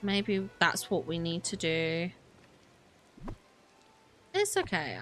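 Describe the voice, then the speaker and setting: A young woman streams a game and chatters to herself, bright and lively, her pitch leaping around as she gets flustered. She talks in an unhurried way, breaking into laughs and little exclamations. Faint music plays behind her. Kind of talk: gaming livestream commentary.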